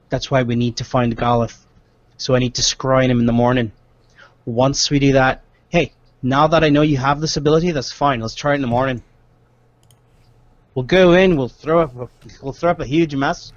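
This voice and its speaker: A man's voice: medium pitch, no room sound, lo-fi sound, close to an everyday voice. A man voicing a cautious male adventurer in a tabletop game, pleading with a put-on accent.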